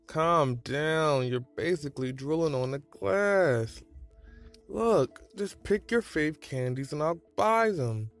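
A man's voice: a little high, expressive, slow, faint music behind, pitched above the performer's own voice. A man doing a nervous, protective teen boyfriend. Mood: teasing. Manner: nervous, gentle.

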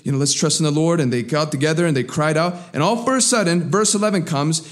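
A man preaching a sermon with a somewhat high voice. He climbs into raised, emphatic lines, then drops to low, quiet asides. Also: fast talker, few pauses. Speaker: pastor.

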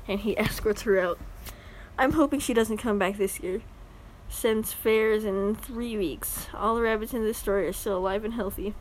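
A woman's voice: fairly high pitch, fairly even intonation, normal speed, rough recording. A young woman hosting a podcast, reading a story aloud and then rambling casually with a giggly, self-deprecating manner. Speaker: podcast host.

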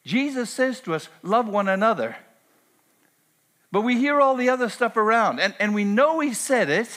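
A man preaching a sermon, moving from a quiet prayer into earnest, emphatic preaching with repeated phrases. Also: very high-pitched, animated, normal speed. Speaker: pastor.

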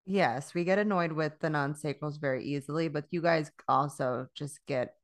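A woman's voice: low-pitched, moderate pace. A woman co-hosting a casual chat, candid and profane, often laughing as she talks. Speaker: podcast co-host.

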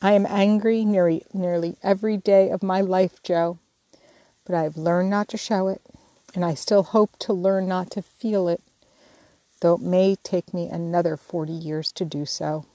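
Brief: a soft, soothing mother in an audiobook, read by a woman, mellow and dry. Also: on the low side, fairly even intonation, normal speed, no echo, natural voice. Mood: tender. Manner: soothing, tender. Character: gentle, patient middle-aged mother.

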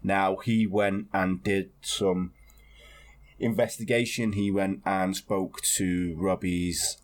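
A man with a fairly low voice tells a story in a loose, rambling podcast chat. He is wry and offhand, dropping the odd swear word. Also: flat delivery, takes it slowly. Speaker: podcast co-host. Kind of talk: casual chat.

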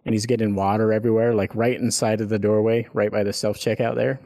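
Low-voiced man telling a rambling story. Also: level tone, quick pace, mellow. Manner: rambling, profane, laughs through his story. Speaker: podcast co-host. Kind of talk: casual storytelling chat.

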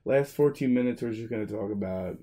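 A man's voice: mid-range voice, a little fast, warm tone. A young man co-hosting a podcast in casual chat, swearing a lot and laughing often. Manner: profane, rowdy, laughs often. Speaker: podcast co-host.

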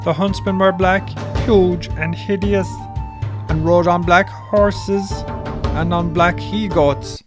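A man putting on a solemn old-timey voice as a chronicle reader, with slow, halting, oddly phrased delivery. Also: high-pitched, steady tone, pitched above the performer's own voice. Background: guitar music.

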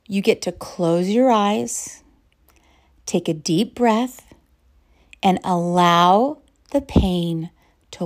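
A middle-aged woman hosting a podcast, giving a calm, reflective guided mindfulness talk that sometimes drops to a soft whisper. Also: mid-range voice. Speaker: podcast host.

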